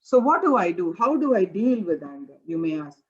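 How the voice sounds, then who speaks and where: A woman's voice: lowish voice, big pitch swings, fairly quick, darkish tone, breathy edge. Woman, Bible study teacher, earnest, repeats her points, gives plain advice, slightly dull lo-fi sound.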